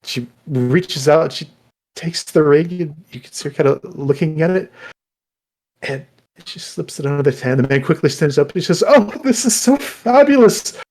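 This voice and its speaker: A man narrating as game master, halting with many fillers and restarts. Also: on the high side, darkish tone.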